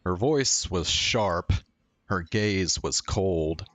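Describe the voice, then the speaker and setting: A man's voice: deep voice, animated, extremely slow, fairly bright tone, dry recording. A man reading a visual novel's narration aloud and casually commenting as he plays, sometimes swearing. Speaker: game player.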